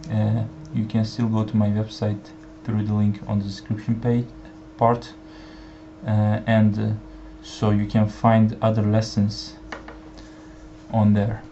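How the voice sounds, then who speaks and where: A man whose first language is Turkish gives an online language lesson, speaking slowly with many fillers and repeating each example phrase. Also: on the low side, completely flat delivery, mellow. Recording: dull lo-fi sound with faint background hiss.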